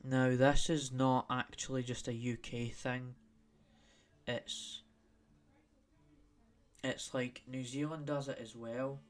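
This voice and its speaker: Speaking slowly with long pauses, this young man from Scotland runs his own podcast alone. His mid-range voice stays level as he wanders off topic and says the same things over again.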